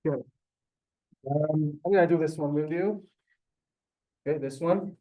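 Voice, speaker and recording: The audio is dull, and this Hebrew teacher's voice is fairly high and unhurried. In a classroom lesson, he walks through the language patiently and step by step, frequently making sure his students are keeping up.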